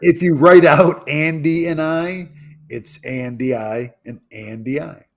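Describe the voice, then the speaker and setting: A man's voice: fairly high pitch, slow. Hesitant man in casual chat. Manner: hesitant, repeats words while searching for them.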